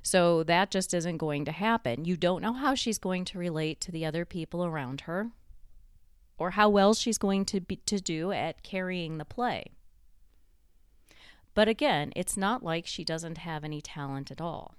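A woman giving a reflective motivational talk, slowing down to stress key points and building them through repeated phrases. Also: on the low side, clean tone, no room sound, clean studio sound. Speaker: motivational speaker.

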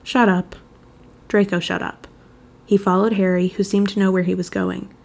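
A woman narrating a fan fiction chapter aloud, reading in an even, measured storytelling manner. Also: medium pitch, creaky.

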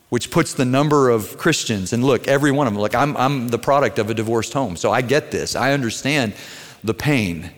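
A man preaching a sermon as a pastor, earnest, moving between quiet tenderness and raised intensity. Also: medium pitch. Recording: long hall reverb.

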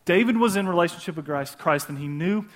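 A man with a high voice delivers a casual sermon as a preacher. He repeats key phrases for emphasis and keeps turning to the audience with conversational asides. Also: animated, fast talker.

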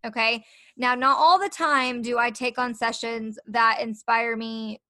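A woman's voice: fairly high pitch, fairly even intonation, measured pace, sharp tone, no room sound. A young woman hosting her own podcast, talking earnestly and encouragingly to her listeners. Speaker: podcast host. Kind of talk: solo podcast talk.

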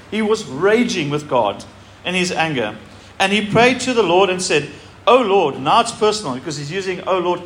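Male preacher, slightly raised voice, emphatic scripture reading, faint hiss behind. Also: fairly high pitch. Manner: animated preaching, reads scripture aloud with emphasis. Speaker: pastor. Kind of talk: sermon.

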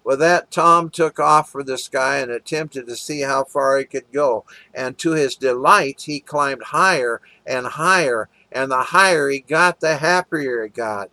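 A man's voice: mid-range voice, a little slow, few pauses, pushed and bright, dry recording. A man preaching, telling a parable as an earnest sermon story with little acted quotes.

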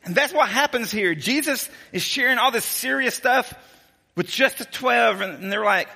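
Pastor guy preaching casual and jokey, high voice, long hall echo. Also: normal speed, vocal fry, husky. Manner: animated storyteller, casual and joking. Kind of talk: sermon.

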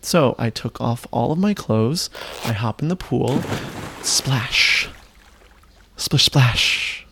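Wry, animated man telling a story. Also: measured pace, creaky, slight background noise. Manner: animated, wry, jumps up in pitch for emphasis. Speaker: podcast storyteller. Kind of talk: comedic personal storytelling.

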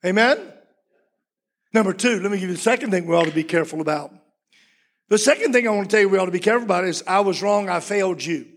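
A man preaching a sermon as pastor, impassioned, his voice swinging from loud to hushed. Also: high-pitched, very fast, long pauses, slight background noise.

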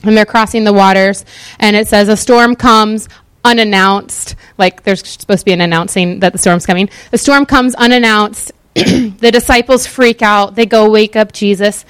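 A woman giving a casual, sermon-style Bible teaching in a chatty, animated way with many fillers. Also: mid-range voice, normal speed, smooth, no room sound.

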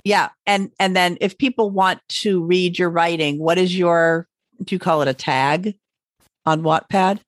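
A woman's voice: on the low side, steady tone, measured pace. A woman hosting a teaching podcast, encouraging and enthusiastic as she talks with a guest and reads her outro. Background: faint background music in outro.

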